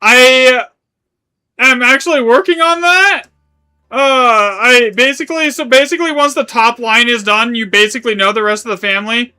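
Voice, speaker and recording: A man's voice: very high voice, normal speed, bright, forceful tone, clean tone. A man streaming a game live, chatting casually in a rambling way, correcting himself as he goes and swearing now and then. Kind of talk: live gaming stream chat.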